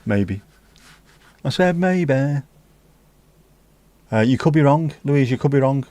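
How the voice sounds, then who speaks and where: A man's voice: medium pitch, expressive, takes it slowly, mellow, dry recording. A man hosting a livestream, chatting casually and teasing as he reads out viewer comments with sweary banter. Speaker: livestream host.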